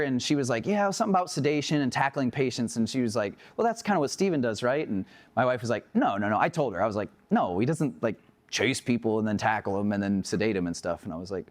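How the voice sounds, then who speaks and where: A man teaching a class on emergency medical care, telling animated stories from the job and acting out the dialogue, laughing often. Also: medium pitch, quick pace. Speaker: EMS instructor. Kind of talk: casual classroom lecture with stories.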